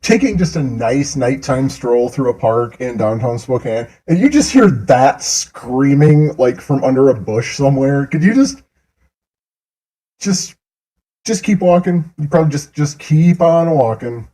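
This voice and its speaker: A man's voice: medium pitch, lively intonation, unhurried, mellow, rough recording. A man giving mocking, profane reaction commentary on a clip and laughing often, speaking into a desk mic. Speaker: commentary host.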